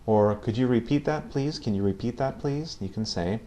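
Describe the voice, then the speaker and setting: A man's voice: medium pitch, moderate pace, warm tone. A man teaching a casual video lesson on Spanish phrases, patiently repeating each phrase and checking in with "okay?".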